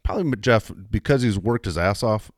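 Deep-voiced man in dry studio chat. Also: moderate pace, no echo. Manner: animated, swears, repeats words when worked up. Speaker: co-host. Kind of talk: casual radio chat.

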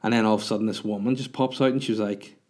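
A man hosting a podcast, rambling through a story with crude, self-mocking jokes. His voice sits slightly low, and he talks in a loose, casual monologue. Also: steady tone, very fast, darkish tone. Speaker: podcast host.

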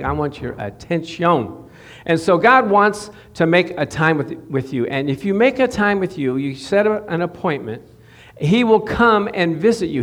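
A man preaching a lively sermon to a small congregation, calling for responses and chuckling between points. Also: sits high. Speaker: pastor.

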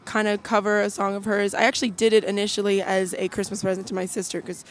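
A woman's voice: mid-range voice, flat delivery, fast talker, a little hiss or hum. Chatty young woman singer guest. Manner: chatty, full of fillers and restarts. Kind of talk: casual chat.

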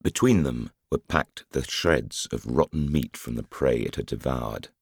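A man narrating a thriller audiobook in a measured, dramatic way. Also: rumbling low, vocal fry, husky, no room sound, studio quality. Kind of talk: scripted narration.

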